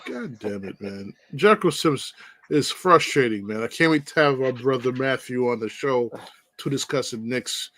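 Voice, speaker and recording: A man's voice: mid-range voice, lively intonation, fairly bright tone, no echo. Man casually chiming in on a podcast. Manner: quick agreeing interjections and laughter, blunt. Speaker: podcast co-host. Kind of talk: casual chat.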